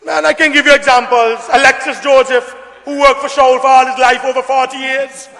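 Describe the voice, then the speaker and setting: A very high-voiced man delivers a forceful, bright-toned parliamentary speech, hammering his points with repetition and bursts of shouting. His voice rings with the long reverb of a debating chamber. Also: level tone, a little fast. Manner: emphatic, repetitive oratory, rising to shouts. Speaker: member of parliament.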